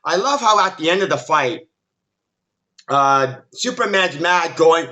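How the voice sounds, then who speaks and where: High, lively, exasperated ranting man. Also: measured pace, dull audio. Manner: exasperated, emphatic, frequent restarts. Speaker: film commentary YouTuber. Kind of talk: ranting movie critique monologue.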